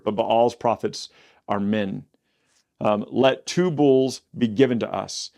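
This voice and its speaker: A man leads a relaxed Bible lesson. He reads the verses aloud, then breaks into casual, modern retellings of the story. His voice sits in a middle pitch. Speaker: Bible teacher.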